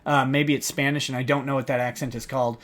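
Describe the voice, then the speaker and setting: A man's voice: medium pitch, flat delivery, fast talker, fairly bright tone. Sardonic man reading a legal filing. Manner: sardonic, mocking asides between read-out passages; laughs often while reading. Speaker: lawyer live-streamer. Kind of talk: live-stream commentary reading a legal motion aloud.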